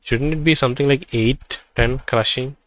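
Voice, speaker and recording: A man playing a role-playing game, reading its text aloud and thinking out loud about what he finds. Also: medium pitch, normal speed, muffled recording, a little hiss or hum. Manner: thinking aloud, reads dialogue in quoted turns. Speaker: let's play gamer.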